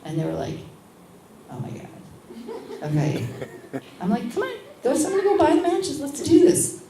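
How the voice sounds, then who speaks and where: Give me a middle-aged woman telling stories casually at a live interview, with lively voiced-out quotes and a low voice. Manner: animated, acts out other people's lines. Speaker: guest, midwife. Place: event space at a lunch gathering. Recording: echoey room with background noise.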